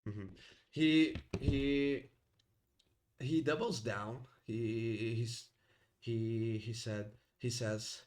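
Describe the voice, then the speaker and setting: A man narrates a tabletop game as its game master, leaving long pauses and repeating words as he goes. His pitch sits in the middle of the range. He takes his time. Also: steady tone, a little mellow. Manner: slow, halting narration.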